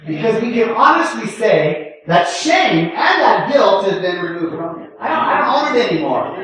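An older man preaching a sermon in a relaxed, conversational way, often checking in with the congregation and chuckling. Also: high-pitched, normal speed. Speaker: pastor. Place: church sanctuary. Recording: echoey room, distant from the mic.

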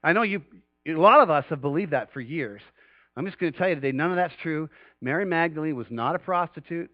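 A man preaching a sermon to a congregation in an animated way, often rising louder and higher in pitch to stress a point. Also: fast talker, no room sound, muffled recording. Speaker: pastor.

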